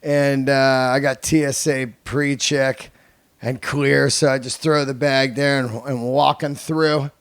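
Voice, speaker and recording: A man's voice: mid-range voice, level tone, takes it slowly, smooth, dry recording. Profane man in his fifties, dry sound. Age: 50s. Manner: loose, profane, joking storyteller. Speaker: podcast host and comedian. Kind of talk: casual podcast monologue.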